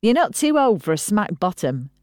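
A woman reading an audiobook voices a middle-aged mother, bantering and quick to take offence. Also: mid-range voice, big pitch swings, a little mellow, no room sound, studio quality, pitched above the performer's own voice, lightly acted. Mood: indignant. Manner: indignant, bantering.

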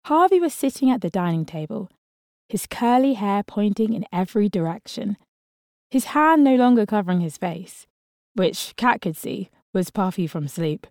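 A woman narrating a story in a calm, steady reading voice. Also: medium pitch, normal speed, no room sound, studio quality.

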